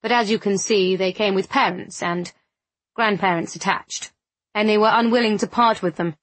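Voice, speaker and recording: A woman voicing a weary, wry young gentleman who speaks in a tired, dry, understated way. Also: medium pitch, moderate pace, dry recording, natural voice.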